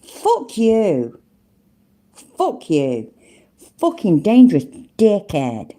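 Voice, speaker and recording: A woman's voice: mid-range voice, huge pitch swings, drawn-out words, warm tone, a little hiss or hum. A woman hosting a reaction video, furiously ranting and swearing nonstop. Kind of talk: angry reaction commentary.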